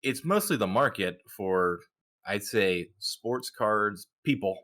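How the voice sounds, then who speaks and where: A man co-hosting a casual hobby podcast, talking in an animated, joking, opinionated way. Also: lowish voice, slow pace. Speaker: podcast co-host.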